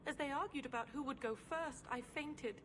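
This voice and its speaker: A woman's voice: sits high, a little fast, natural voice. An actress voicing a dreamy, lovestruck young woman in a video game, with a theatrical romantic delivery. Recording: game audio with ambient noise.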